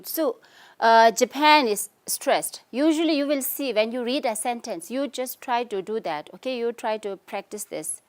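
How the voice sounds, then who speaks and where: A woman's voice: a little high, normal speed. Female English teacher, Tibetan accent, patient step-by-step explainer, keeps asking "okay?". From Tibetan community in India. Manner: explanatory, frequent "okay?" and "you can say" checks. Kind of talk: recorded lesson.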